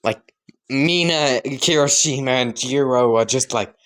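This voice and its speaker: A man's voice: medium pitch, a little slow, a bit bright. A man casually improvising and rambling through a fan story, full of fillers and side comments. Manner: rambling, giggly, lots of "like".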